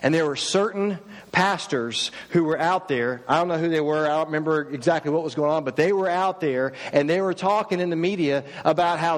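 A man's voice: a little high, a little fast. A male pastor delivering a sermon, asking one rhetorical question after another with rising emphasis. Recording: long hall reverb.

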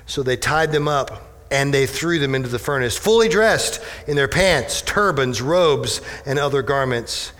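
A male pastor preaching a sermon, animated, with many rhetorical questions to the congregation. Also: medium pitch, a little slow. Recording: echoey hall with long reverb.

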